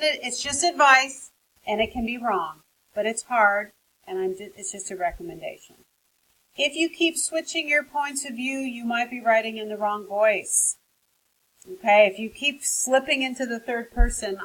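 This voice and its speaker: A woman's voice: on the high side, fairly bright tone, poor audio. A woman teaching a recorded lecture on fiction writing, speaking conversationally with many fillers and frank asides.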